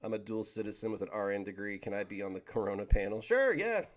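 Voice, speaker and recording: A man's voice: on the low side, flat delivery, racing. A man hosting a livestream, chatting casually with his viewers, rambling and joking as he stumbles over his words. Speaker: livestream host reading chat.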